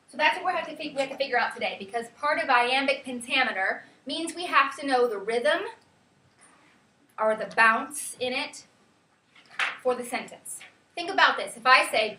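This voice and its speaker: A woman teacher giving a classroom lesson, lively and chatty, often checking in with her students. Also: fairly high pitch, a little hiss or hum. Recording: roomy classroom from a far camera.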